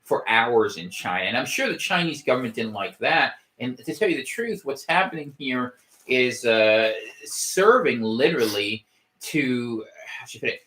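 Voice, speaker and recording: A man's voice: mid-range voice, lively intonation, normal speed, bright, forceful tone. A man hosting a casual podcast livestream from home, rambling with wry gallows humor and frequent restarts. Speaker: podcast host. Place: home room.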